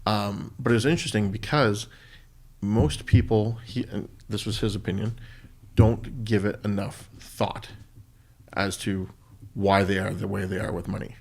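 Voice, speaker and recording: A middle-aged man co-hosting a podcast, talking in a thoughtful, halting way with restarts. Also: on the low side, steady tone, vocal fry, darkish tone, breathy edge. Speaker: podcast co-host. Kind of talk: casual conversation.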